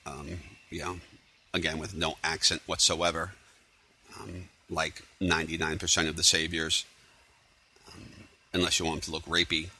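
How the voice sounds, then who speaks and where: Man, low pitch, bright forceful tone, casual rambling, sarcastic. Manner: rambling, sarcastic, many fillers. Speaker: TV recap vlogger. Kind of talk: casual spoiler recap.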